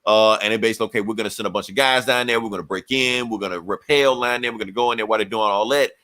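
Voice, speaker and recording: A man co-hosting a podcast, retelling a comic book story and jumping into quick voices for each character. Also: fairly low pitch, sharp tone. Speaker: podcast co-host. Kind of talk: animated comic book recap.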